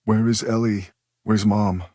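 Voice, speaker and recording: A man with a deep voice voicing an anxious, controlling adult daughter in an audiobook, clipped and insistent. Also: fairly even intonation, measured pace, mellow, breathy edge, no room sound. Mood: worried.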